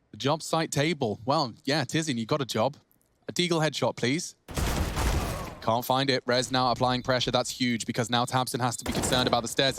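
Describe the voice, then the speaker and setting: A man doing fast, excitable play-by-play for a competitive shooter match, joking with his co-caster. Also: mid-range voice, background noise. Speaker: esports caster. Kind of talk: play-by-play commentary.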